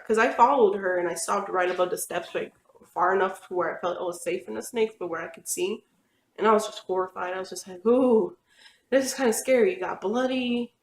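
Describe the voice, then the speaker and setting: A young woman telling personal stories in a rambling, chatty way, with lots of fillers. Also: medium pitch. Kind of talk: casual storytelling. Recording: echoey room.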